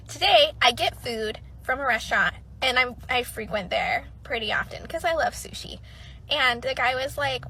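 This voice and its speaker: A woman's voice: high-pitched, moderate pace, sharp tone, husky, rough recording. A woman telling a casual story, chatty, acting out the dialogue of the people in it. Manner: chatty, acts out quoted dialogue.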